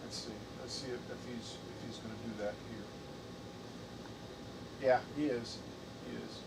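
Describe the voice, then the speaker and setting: A man hosting a casual live stream, thinking aloud in halting, repeated phrases. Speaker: livestream host. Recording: distant mic, noisy air conditioning rumble.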